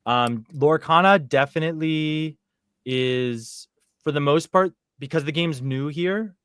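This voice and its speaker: A man's voice: fairly high pitch, measured pace, fairly bright tone, clear, resonant tone, no room sound, studio quality. A man chatting casually as a podcast guest, rambling with lots of fillers and restarts. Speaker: guest living in Japan.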